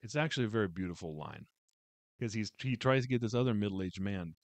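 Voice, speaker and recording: A man's voice: lowish voice, big pitch swings, a little fast, no room sound. A man giving a casual, heartfelt book review, rambling with many fillers and restarts.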